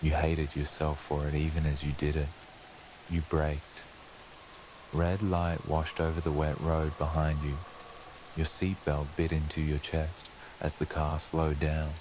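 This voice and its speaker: A man narrating a scripted horror story for sleep, telling it slowly and ominously as a lurking presence speaking to the listener. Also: extremely low pitch, darkish tone, a little hiss or hum.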